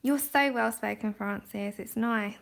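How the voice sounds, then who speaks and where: A woman's voice: a little high, measured pace, creaky. A woman from London with a London accent, chatting casually and rambling a little as she colours on a livestream. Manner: chatty, rambling, laughs often. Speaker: livestream host. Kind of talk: casual chat while colouring. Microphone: phone.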